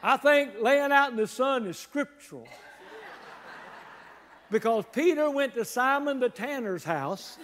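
A man's voice: very high voice, expressive, unhurried, long pauses, long reverb tail, slight background noise. A man, preaching an exuberant, joking sermon as guest pastor. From North Carolina. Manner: fiery, joking, shouts to the congregation. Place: church sanctuary. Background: congregation responding.

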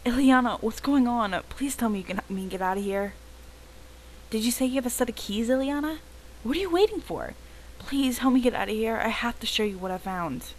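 A woman's voice: a little high, animated, brisk, voice pushed up, close to an everyday voice. A trapped young woman urgently begs to be set free, as a woman reads her part. Her pleading stays urgent, and a faint hiss sits under the recording.

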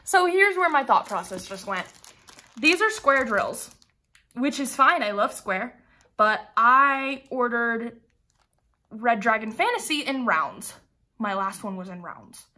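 A woman's voice: a little high, expressive, slow, pushed and bright. A young woman vlogging a craft unboxing, frustrated, sighing and rambling with restarts. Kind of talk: casual unboxing vlog.

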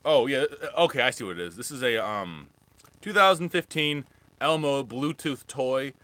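A young man chats loosely through his thrift finds, often stopping and restarting mid-sentence. His voice has a bright, forward edge at a middle pitch. It sounds like an easygoing live-stream talk. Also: expressive, normal speed, no echo. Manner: rambling, chatty, restarts often. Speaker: thrift reseller vlogger. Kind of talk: casual live-stream haul chat.

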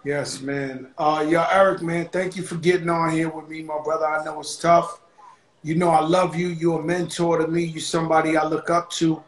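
A man's voice: fairly high pitch, little pitch movement. Heartfelt male host, echoey sound. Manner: heartfelt, halting. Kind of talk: casual conversation.

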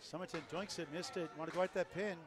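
A man giving live play-by-play on a bowling match, rattling off scores and plugging the channel. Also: high-pitched. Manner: rapid score calls, lively promo plugs. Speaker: play-by-play commentator. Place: bowling alley. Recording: loud crowd in a bowling hall.

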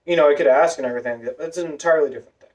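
A vlogger with a masculine voice telling a long personal story in a rambling way, full of fillers and restarts. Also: male voice, a little high, very fast, a little mellow, highs cut off. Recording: voice a bit far from the mic.

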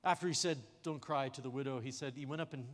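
Man pastor, lively sermon delivery, light jokes, sanctuary echo. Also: mid-range voice, fast. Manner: animated preaching with sudden drops to a hush; jokey asides. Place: church sanctuary. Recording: long hall reverb in a church sanctuary.

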